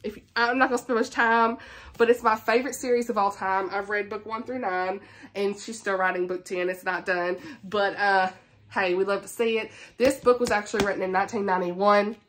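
Woman in her 30s, a chatty book vlogger who is quick to laugh. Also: mid-range voice, steady tone, fairly bright tone, slight background noise. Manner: chatty and enthusiastic, laughs often. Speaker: booktuber. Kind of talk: casual book chat to camera.

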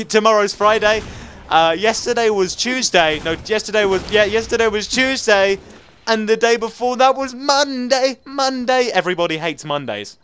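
A man in his late teens from England, rambling fast and jokily through gameplay commentary, with sudden squeaky jumps in his voice. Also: a bit bright, slight background noise. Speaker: gaming YouTuber.

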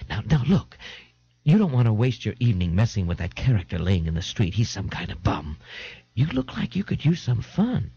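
A man's voice: on the low side, wildly swooping pitch, moderate pace, creaky, warm tone, breathy edge, dry recording, voice pushed down, full character voice. A man voicing a brash, scheming female bar owner with a harsh edge, on a dull lo-fi tape. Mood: wheedling.

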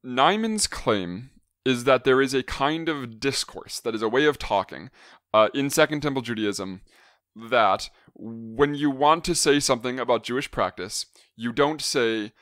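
A man co-hosting an academic podcast, laying out a scholarly argument and then disagreeing with it in a measured, critical way. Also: mid-range voice, expressive, a bit bright, no room sound, studio quality. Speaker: podcast co-host.

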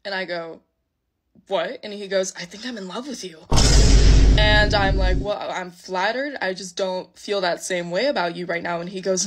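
A woman's voice: mid-range voice, fairly even intonation, normal speed, very noisy. A young woman casually telling a long dating story, full of fillers and quoted lines. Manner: chatty, full of "like" and acted quotes. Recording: loud music behind voice.

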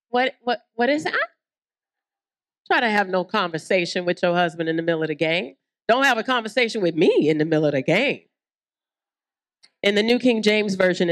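A Southern American woman preaching a lively sermon at a women's conference, acting out little scenes and voices as she goes. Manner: animated, acts out voices, swoops in pitch. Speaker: guest preacher.

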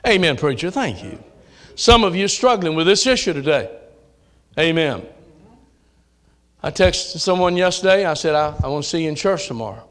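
A man with a Southern US accent preaching a sermon in a church, folksy, dropping to low asides and rising to shouted calls. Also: animated, moderate pace, long pauses. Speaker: pastor. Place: church sanctuary.

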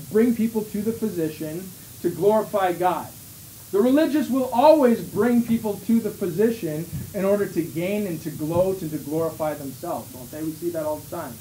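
A man's voice: sits high, warm tone. A man with a Canadian accent preaching a sermon as pastor, reading scripture aloud and sometimes mocking the voices of hypocrites. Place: small church hall. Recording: echoey room, faint hiss.

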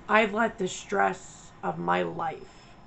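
A woman's voice: lowish voice, fairly even intonation, slow pace, vocal fry, a bit bright, a little hiss or hum, low-quality recording. A woman vlogger talking candidly, blunt and profane, venting her frustration. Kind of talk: candid personal vlog.

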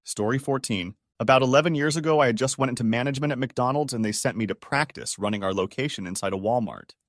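A man reading online stories aloud as scripted narration, in a lively, animated way. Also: mid-range voice, fast, no room sound, clean studio sound. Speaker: story narrator.

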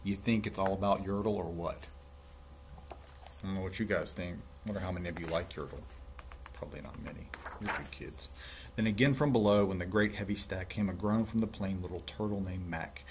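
A man's voice: sits low, brisk, slight background noise. A man reading a picture book aloud to children, breaking in with chatty, playful asides. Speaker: storybook reader for children.

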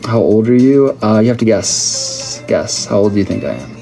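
Faint music plays behind a man whose fairly low, gravelly yet mellow voice carries lively intonation at a moderate pace. He's running a casual livestream, bantering with viewers and reading their comments.

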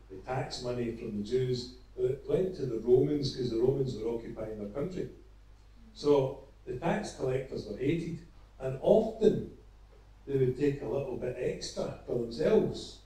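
A man preaching an evangelistic sermon, retelling a parable earnestly with halting restarts. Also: medium pitch, mellow. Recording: echoey, from far off.

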